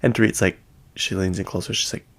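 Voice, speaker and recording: Man, very low voice with fry, casual gossip host recapping reality shows, loose and rambling. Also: fairly even intonation, fast talker, fairly bright tone. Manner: chatty, rambling, heavy use of "like". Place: at home.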